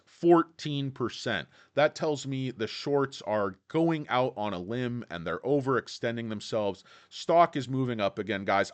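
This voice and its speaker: A man hosting a stock market vlog, ranting angrily about analysts with crude insults. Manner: angry ranting, crude insults, lively pitch swings. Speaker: stock market vlogger host. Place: Los Angeles.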